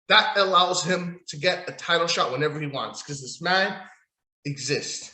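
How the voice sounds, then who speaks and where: A man's voice: a little high, moderate pace, bright, forceful tone, echoey room. A man hosting a solo wrestling podcast, ranting in a profane, sarcastic, rambling way while losing his voice. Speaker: podcast host.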